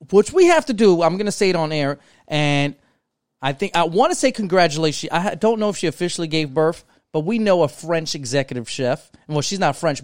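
A man's voice: fairly high pitch, clear, resonant tone, dry recording, studio quality. A man co-hosting a podcast, chatting casually in a rambling way, swearing freely and trailing off mid-thought. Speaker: podcast co-host.

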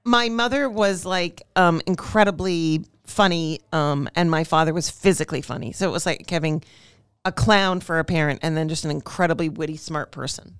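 A woman comedian in casual chat, an animated storyteller who often laughs. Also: deep voice, moderate pace, clean tone, no echo, studio quality.

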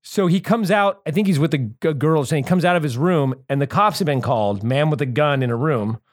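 A man in casual chat, telling stories in an animated way and swearing a lot. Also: on the high side, brisk.

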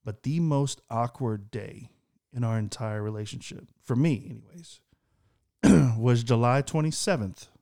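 A man in his thirties telling a story in casual chat as a podcast co-host, animated and jumping up into a higher voice to act out the lines he quotes. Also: unhurried, vocal fry. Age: 30s.

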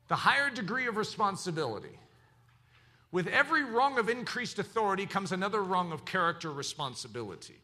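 A man's voice: high voice, sing-song, fairly quick, bright, forceful tone. A man preaching a sermon as pastor, teaching in an emphatic, preacherly way.

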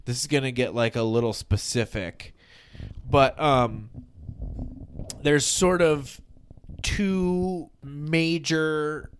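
A man's voice: on the high side, fairly even intonation, slow pace, long pauses, slight background noise. A man co-hosting a podcast, chatting casually and musing aloud with lots of questions. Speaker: podcast co-host. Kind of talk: casual chat.

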